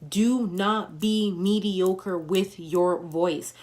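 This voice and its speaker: Woman, motivational speaker on a live stream, slightly low voice, punchy and emphatic. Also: normal speed, darkish tone, slight background noise. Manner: emphatic, coaching, repeats affirmations with punchy slang. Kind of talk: motivational talk on a livestream.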